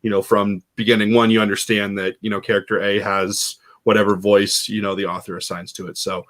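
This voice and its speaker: Man, somewhat low voice, rambling casual chat, lots of fillers. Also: level tone, a little fast, a bit bright. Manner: rambling, heavy on "you know" and "like".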